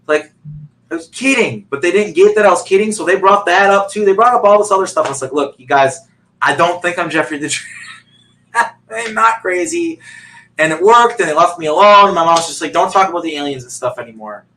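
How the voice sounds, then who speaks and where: A man's voice: sits high, lively intonation, a little fast, sharp tone, slight background noise, rough recording. A man on a video call telling a long personal story in a rambling way, full of fillers and restarts. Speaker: guest.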